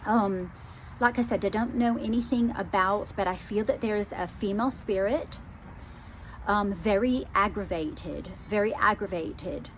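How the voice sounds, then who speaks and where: A woman psychic medium doing a channelling reading, talking hesitantly, repeating phrases, softly moved. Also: mid-range voice, a little slow, slight background noise.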